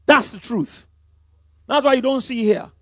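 A Nigerian man preaching a sermon as pastor, emphatic, swinging from loud declarations to quiet asides. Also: very high-pitched, a little slow, dry recording, clean studio sound.

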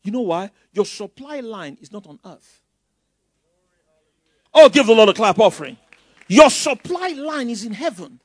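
A man preaching a sermon as pastor, with bursts of loud emphasis and mocking asides. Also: extremely high pitch, sing-song, measured pace, pauses often, no echo, clean studio sound.

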